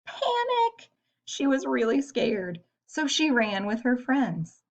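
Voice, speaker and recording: A woman reading a story aloud to children in a gentle way, pausing to ask her young listeners questions. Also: fairly high pitch, lively intonation. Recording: dull lo-fi recording.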